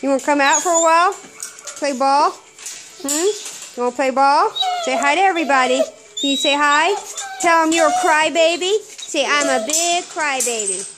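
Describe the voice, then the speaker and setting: A woman's voice: high voice, normal speed, noisy background. A woman filming her dog in its kennel and talking to it in sing-song, coaxing baby talk, with plenty of repetition. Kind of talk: casual video talking to a pet.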